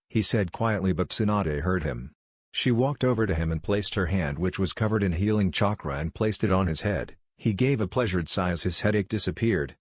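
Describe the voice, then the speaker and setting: A man reads a fanfiction story aloud in a steady, measured narration. His voice sits very low, and the recording is dry and close with no room sound. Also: no echo. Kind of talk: scripted narration.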